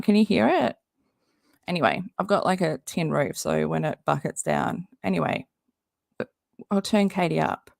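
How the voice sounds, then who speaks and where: Woman livestream host, hoarse and losing her voice, low gravelly tone, chatty, dry close sound. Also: moderate pace, a little mellow, no room sound. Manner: chatty, greets viewers, laughs often. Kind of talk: casual livestream commentary. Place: home under a tin roof in rain.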